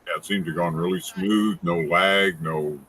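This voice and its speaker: A man's voice: low voice, steady tone, moderate pace, fairly bright tone, slightly rough. A man guest on a video call, dropping short laid-back remarks in a casual chat. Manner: brief laid-back interjections.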